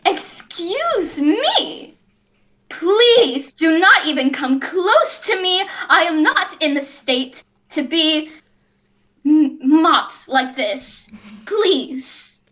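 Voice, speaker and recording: A pompous male cat king with a lofty, drawn-out delivery, as a woman puts him on. He swoops through a lively, high melody as he takes offence at everything, theatrical and vain. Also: low-quality recording. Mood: affronted. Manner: dramatic, affronted, drawling.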